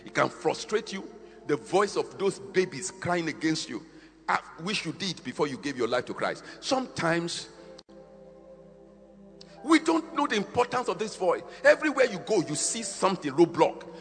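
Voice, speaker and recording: A man preaching a fiery sermon, swinging between shouted, half-sung peaks and quieter, slower stretches. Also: on the high side, very animated, long reverb tail, faint music behind.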